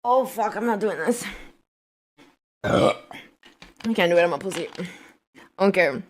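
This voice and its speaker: A woman's voice: fairly low pitch, expressive, unhurried, a little hiss or hum. A young woman streaming casually to her chat, talking loosely and apologizing over and over. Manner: chatty, keeps apologizing.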